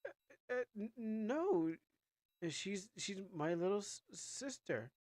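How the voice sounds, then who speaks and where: A man's voice: sits high, sing-song, slow pace, a little mellow, no echo, clean studio sound, pitched above the performer's own voice, exaggerated voice. A man voicing a flustered, bratty fifteen-year-old anime teenager in a game.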